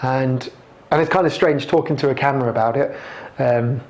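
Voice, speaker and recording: A man telling his personal testimony to a camera, reflective and halting as he searches for the right words. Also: medium pitch, a little mellow. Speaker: convert telling his conversion story.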